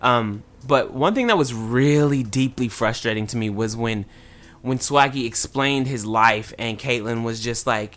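A man in a relaxed podcast chat, speaking at an ordinary middle pitch. He sounds earnest and personal, laying out his views at length. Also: measured pace. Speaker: podcast host. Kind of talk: casual chat.

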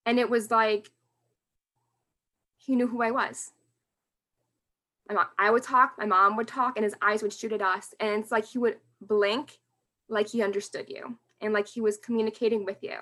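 A woman's voice: on the high side, steady tone, moderate pace, pauses often, a bit bright. A woman guest on a podcast telling candid, emotional memories of her late father, often laughing through hard moments. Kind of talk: personal storytelling in podcast interview.

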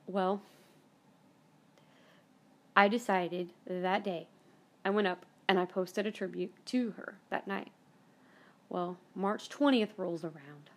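A woman's voice: mid-range voice, a little slow, long pauses. A woman hosting her own podcast, telling a personal story with strong emotion, often repeating herself and trailing off. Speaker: podcast host.

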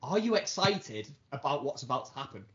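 A man's voice: mid-range voice, sing-song, a little fast, a bit bright. A man hosting a comedy podcast with a teasing, showy announcer delivery. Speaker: podcast host. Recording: dull lo-fi sound.

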